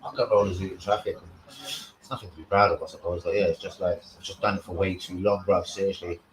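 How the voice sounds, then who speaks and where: A man's voice: low-pitched, little pitch movement, quick pace, a little hiss or hum. A man, rambling and swearing in casual live-stream chat as the host. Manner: rambling, slangy, swears a lot. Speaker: livestream host. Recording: echoey room.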